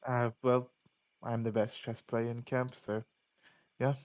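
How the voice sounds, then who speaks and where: Voicing a cocky young female demigod chess rival in a fake English accent, a man speaks slowly with a flat delivery in his natural, medium-pitched voice. The mood is boastful, and his confident talk is broken up by hesitant fillers.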